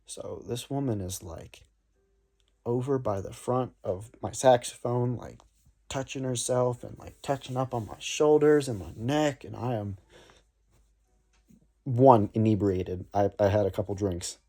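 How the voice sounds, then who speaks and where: Young man, warm mellow voice, rambling casual storyteller. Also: mid-range voice, a little slow. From North Florida. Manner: rambling, laid-back, many fillers and "man". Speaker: saxophone player telling a story.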